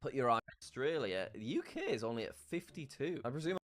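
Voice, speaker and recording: Casting: male gaming creator, chatty, easily amazed, mid-pitched voice. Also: fairly quick. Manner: chatty and easily amazed, with sudden excited jumps. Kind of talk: casual commentary reacting to maps.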